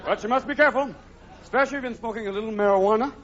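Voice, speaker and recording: Manic high-voiced man doing stand-up. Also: racing, heavy background noise. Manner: manic, jumping between many silly character voices. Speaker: stand-up comedian. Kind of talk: live stand-up comedy. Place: theater stage before a live audience. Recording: lo-fi live recording with loud laughing crowd.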